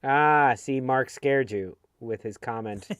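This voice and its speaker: A man's voice: medium pitch, slow, a bit bright, smooth, dry recording, clean studio sound. A middle-aged American man co-hosting a football fan show, chatting casually and laughing often over a video call. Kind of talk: casual chat.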